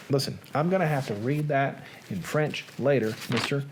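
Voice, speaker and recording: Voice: mid-range voice, normal speed, a little hiss or hum. A host chatting casually on a live reading show, joking and reacting to viewers.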